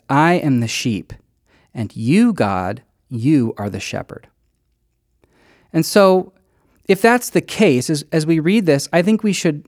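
A man preaching a sermon in an easy, conversational way. His pitch sits a bit high for a man and swings widely as he leans into his points. The sound is dry and close, with no room around it. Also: darkish tone, no echo. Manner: conversational, earnest, emphatic. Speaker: pastor.

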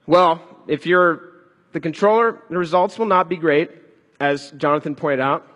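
A man preaching a sermon in an animated, conversational way. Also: fairly high pitch, normal speed, in a large hall. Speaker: pastor.

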